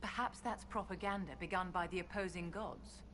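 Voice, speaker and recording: A woman's voice: fairly low pitch, steady tone, normal speed, noisy background, lightly acted. Woman playing a knowing game companion, matter-of-fact, ambience audible behind. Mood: musing. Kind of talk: video game voice acting. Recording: game audio with clear ambience.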